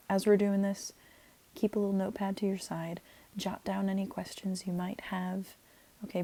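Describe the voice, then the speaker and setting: A woman's voice: mid-range voice, creaky, mellow, poor audio. A woman teaching a recorded Latin lesson, chatty and leading chants, often checking in with "okay".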